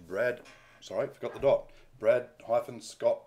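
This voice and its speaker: A man's voice: medium pitch, fairly even intonation, a little slow, mellow. A man co-hosting a podcast, reading news items aloud in a dry, mock-dramatic way. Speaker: podcast co-host.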